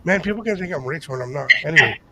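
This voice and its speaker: With a crowd audible behind him, this older podcast co-host talks fast in a fairly high voice. He tells a story in relaxed chat, performing the voices of everyone in it with animation.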